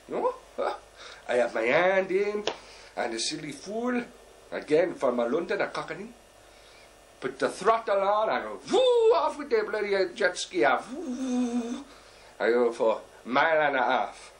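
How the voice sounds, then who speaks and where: A man's voice: mid-range voice, slight background noise. Guy doing a boastful diver character, broken english, rambly, voice jumps all over the place. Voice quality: broken, halting English with dropped words. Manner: rambling, full of "uh" and "you know". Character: bumbling boastful male deep sea diver. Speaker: comic storyteller. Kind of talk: character stand-up monologue.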